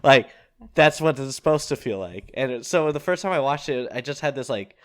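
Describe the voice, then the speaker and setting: Male podcast host, loose rambling delivery, mid pitch. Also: brisk. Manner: rambling, many fillers and restarts. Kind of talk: casual film discussion.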